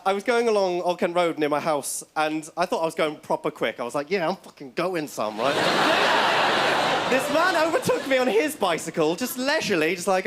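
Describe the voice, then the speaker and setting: High-voiced man doing stand-up. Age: young adult. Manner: rambling, excitable storytelling, tags lines with "right?". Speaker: stand-up comedian. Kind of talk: stand-up set. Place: comedy club stage. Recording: loud live crowd and club noise.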